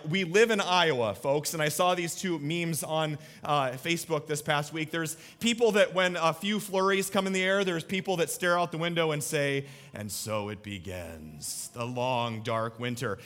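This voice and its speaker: A man's voice: a little high, fairly bright tone. A man in his thirties, a pastor giving a sermon to a live audience in a church, talking conversationally and putting questions to the listeners. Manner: conversational, asks the audience questions, tells family stories.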